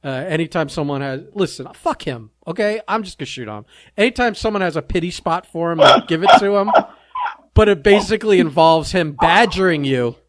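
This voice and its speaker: A man's voice: a little high, animated, brisk. A man co-hosting a casual podcast chat, ranting bluntly and with a lot of swearing between bursts of laughter. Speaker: podcast co-host.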